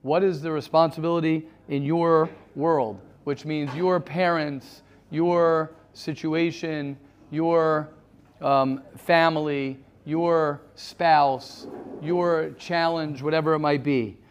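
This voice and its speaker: A man's voice: on the high side, fairly even intonation, slow, smooth. A man leading an interactive study class, often restarting his sentences and mixing in Hebrew terms. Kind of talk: interactive lecture.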